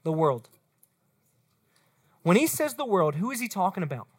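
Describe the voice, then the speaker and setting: A woman's voice: lowish voice, moderate pace, husky. A woman, preaching as a youth pastor to middle school students and speaking straight to them. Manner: animated, talks straight to the students.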